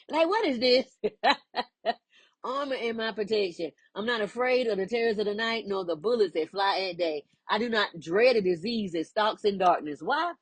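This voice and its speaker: A woman giving a lively, inspirational faith talk, playful and quick to laugh, with folksy asides. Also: medium pitch, slightly rough, dry recording. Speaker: spiritual teacher.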